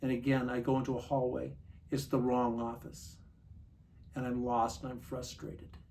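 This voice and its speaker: An older man in his sixties tells his own story of recovery in a plain, mid-pitched voice. He speaks earnestly and confidingly, drawing out the vivid details. The mic sits some way off, with a faint hum of noise behind him. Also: level tone, moderate pace, a little mellow, far from the mic. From Montana. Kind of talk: personal testimony talk.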